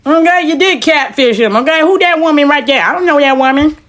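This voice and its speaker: A woman's voice: high-pitched, fairly quick, noisy background. A woman hosting a reaction video with blunt, teasing, snarky commentary.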